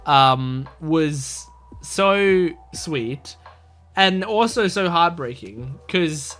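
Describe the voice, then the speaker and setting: A man's voice: on the high side, animated, extremely slow, fairly bright tone. A man hosting a reaction video, talking through his thoughts casually with lots of fillers and restarts. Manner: rambling, filler-heavy, thinking aloud.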